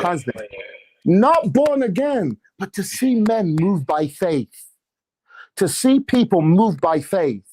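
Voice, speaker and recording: With a high-sitting voice, a man serving as apostle and church leader gives a spirited, sermon-style pep talk on faith and money. Sarcastic asides crop up throughout.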